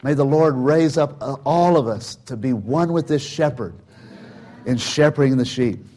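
A man's voice: medium pitch, normal speed. An older man giving an informal sermon, telling a personal story in a chatty way with many restarts and acted-out quotes. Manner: chatty and warm, acts out quotes, frequent "you know" and restarts. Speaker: church speaker telling a testimony.

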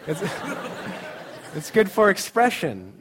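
A man's voice: high voice, wildly swooping pitch, slow pace, crowd noise. A middle-aged man giving a casual, joking sermon at a student camp, often laughing as he speaks. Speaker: campus ministry speaker.

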